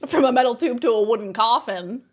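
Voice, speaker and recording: A woman streamer telling a story to her live chat in a lively, exasperated way, swearing freely. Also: a little high, brisk. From Australia.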